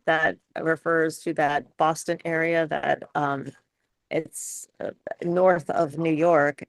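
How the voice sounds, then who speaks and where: Woman speech coach, gravelly, lowish voice, dry close sound, hesitant webinar host. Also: no echo. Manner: warm, halting, with many fillers and restarts. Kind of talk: live webinar Q&A.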